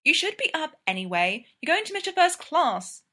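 A high, frantic young woman who is always running late, as a woman narrator puts her on. She pleads and calls out in a bright, strained, rising voice. The storybook reading has an even, plain sound. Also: normal speed, full character voice.

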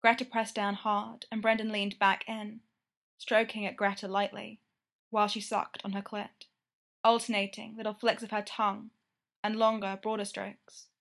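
A woman narrating a romance story with steady, intimate storytelling. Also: mid-range voice, moderate pace, vocal fry.

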